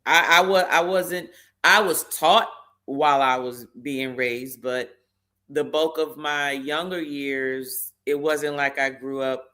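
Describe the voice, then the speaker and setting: A middle-aged woman co-hosting a live stream, telling her side in an emphatic, animated way. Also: low-pitched. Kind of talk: casual live stream chat.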